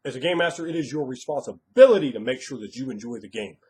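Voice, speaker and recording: Guy ranting about tabletop games, punchy, acts out quotes, mid pitch. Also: animated, fast talker, darkish tone. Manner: emphatic, acts out quoted players and game masters. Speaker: game master. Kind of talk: casual advice monologue.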